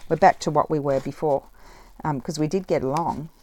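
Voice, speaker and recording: A woman's voice: low-pitched, a little fast, darkish tone. A middle-aged woman chatting casually while she crafts, rambling with many fillers. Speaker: craft vlogger. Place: home craft table, indoors.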